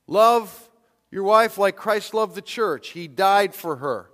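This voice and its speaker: A man in his forties delivers a sermon in a high voice. He talks emphatically and leans hard on his key points. The sound carries a long reverb, as in a church hall. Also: unhurried. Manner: emphatic, rising to near-shouts on key points. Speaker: pastor.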